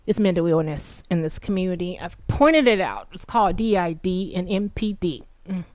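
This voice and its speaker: A woman delivering an angry, profane vlog monologue, swinging from low mutters to shouted taunts. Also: animated, moderate pace, no room sound. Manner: sarcastic taunting, emphatic repetition. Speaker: political commentary vlogger.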